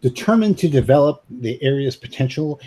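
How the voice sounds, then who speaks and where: A man with a husky voice narrating a tabletop role-playing game as game master, in a descriptive way that breaks into easy laughter. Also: medium pitch, animated, fairly quick, dark tone, rough recording.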